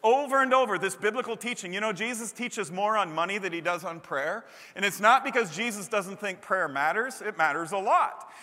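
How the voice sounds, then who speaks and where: Animated preaching man in a reverberant hall. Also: fairly quick, hardly any pauses. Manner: animated, acts out quotes with sudden loud high bursts. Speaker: pastor. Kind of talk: sermon.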